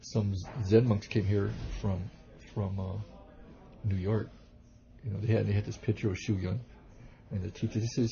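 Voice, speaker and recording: A man, a kung fu teacher and reverend, telling rambling, animated stories in a casual interview, with many restarts. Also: on the low side, moderate pace, creaky. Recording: dull lo-fi recording.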